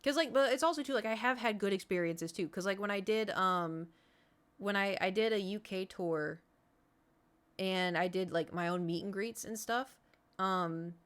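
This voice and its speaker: A woman's voice: medium pitch, normal speed, a bit bright, clear, resonant tone. A woman streamer telling a story in casual, rambling chat, full of fillers and restarts. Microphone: streaming setup.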